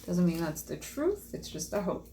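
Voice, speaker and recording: A woman's voice: fairly low pitch, sing-song, normal speed, very noisy. A young woman chatting to viewers while she paints a craft, casual and self-deprecating. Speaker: vlogger. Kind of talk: casual craft vlog chat.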